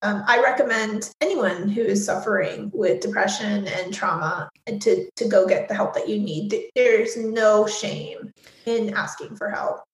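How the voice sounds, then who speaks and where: A woman's voice: medium pitch, unhurried, echoey room, poor audio. A woman guest speaking candidly in an interview, frank and full of "like" fillers, swearing freely.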